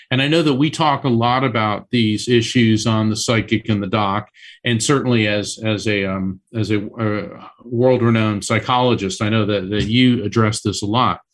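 A man who is a psychic medium and author, telling a personal story as a guest on a radio interview, animated and full of restarts. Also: fairly low pitch.

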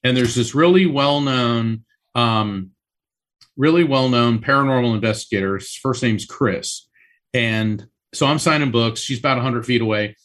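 A man who is a psychic medium and author, telling a personal story as a guest on a radio interview, animated and full of restarts. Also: mid-range voice, normal speed.

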